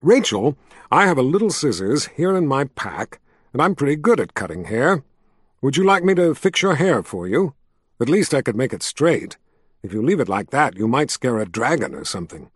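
A man's voice: medium pitch, big pitch swings, normal speed, husky, no echo, studio quality. A male audiobook reader voicing a playful grown man who teases and jokes in a bantering way. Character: teasing playful grown man, warm with children.

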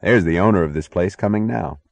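A man reading aloud, voicing a calm, self-assured man who answers in a measured, quietly confident way. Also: deep voice, creaky, no room sound. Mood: matter-of-fact.

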